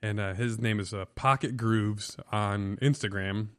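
A man's voice: on the low side, measured pace, clean tone, no echo, studio quality. A man who grew up on the Illinois-Wisconsin border, talking casually as a podcast guest, rambling with lots of "like". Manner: casual, rambling, says "like" a lot. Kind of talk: casual chat.

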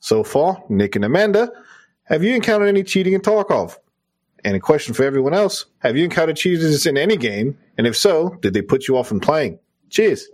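A man's voice: fairly high pitch, very animated, fairly quick, voice pushed up. A man reading out a listener's letter in a put-on Australian accent, playing a cheerful young Australian guy. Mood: cheery.

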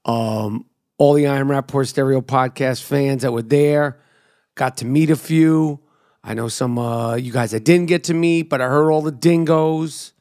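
A man's voice: mid-range voice, moderate pace, a little mellow, dry recording, studio quality. A middle-aged man with a New York accent, hosting his own podcast in a brash, profane, riffing monologue. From New York City. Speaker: podcast host and comedian.

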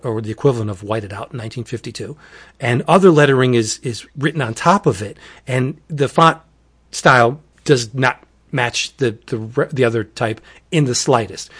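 A man chatting casually as a podcast host, animatedly retelling a wacky horror comic and acting out its quotes. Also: mid-range voice. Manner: animated storyteller, acts out quotes, says wackadoodle.

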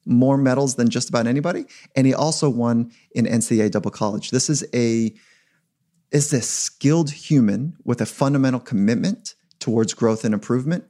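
A man's voice: medium pitch, warm tone. A man being interviewed as a performance psychologist, talking in a reflective, emphatic way. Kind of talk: podcast interview.

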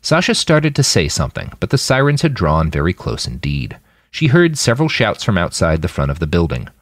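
A man narrating his own serialized fiction in an expressive storytelling manner, close to the mic. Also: sits low, fairly quick, dry recording. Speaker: podcast fiction reader. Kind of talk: audiobook narration.

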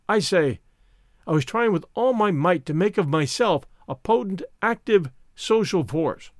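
This studio-quality recording, free of echo, features a man with a high-sitting voice narrating a first-person story. It's a scripted audiobook, delivered reflectively, as a storyteller would.

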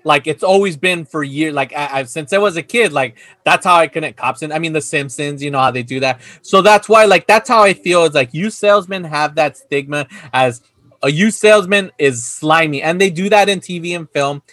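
A man's voice: a little high, brisk, fairly bright tone, dry recording. A man co-hosting a podcast, chatting animatedly about a movie, laughing and swearing. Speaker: podcast co-host. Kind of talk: casual movie discussion.

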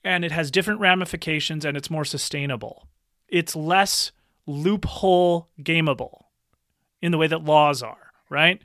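A man's voice: a little high, moderate pace, a bit bright, dry recording, clean studio sound. A man in a casual podcast conversation, speaking earnestly and thoughtfully, often breaking into a laugh.

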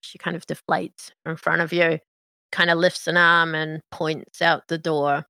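A woman narrates a tabletop game as game master, taking her time over each line. Her voice is bright and a little low, recorded dry and close. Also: level tone, a little slow, creaky, no echo.

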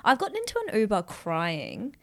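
A woman co-host spins a lively anecdote, jumping into quoted voices and laughing along the way. Her speaking voice sits at a middling pitch. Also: moderate pace, vocal fry. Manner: animated storyteller, acts out quotes, laughs often. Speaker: podcast co-host. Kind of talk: casual chat.

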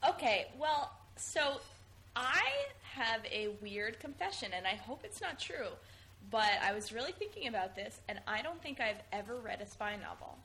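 A woman's voice: fairly high pitch, lively intonation, normal speed, bright, forceful tone, slight background noise, low-quality recording. A woman in casual podcast chat, talking in a chatty, self-deprecating way.

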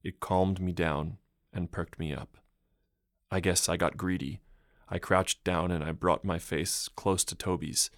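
A man narrating a translated short story in a calm, measured reading. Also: sits low, dry recording, clean studio sound. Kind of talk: audiobook narration.

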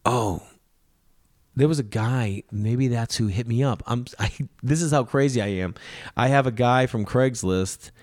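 A man chatting casually as host, telling animated stories and acting out both sides of the conversations. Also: mid-range voice, unhurried, no echo, studio quality. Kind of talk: casual chat.

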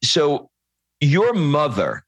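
A man hosting a podcast interview, reading a story aloud and then talking in a lively, casual way, swearing now and then. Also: fairly high pitch, slightly rough, dry recording. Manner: animated, swears casually, quick asides. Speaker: podcast host.

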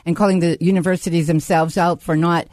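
A woman, a radio host, interviewing a pastor in a conversational way and slowing down on the key words. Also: on the low side, steady tone, a little mellow, dry recording.

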